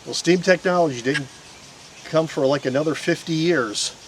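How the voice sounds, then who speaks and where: A man's voice: a little high, normal speed. A man hosts a paranormal outing outdoors, speaking through a handheld camera mic. He rambles and restarts as he chats with his viewers, with a faint hiss of noise underneath. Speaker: paranormal investigator host. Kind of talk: casual on-camera commentary. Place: outdoors in a historic park field.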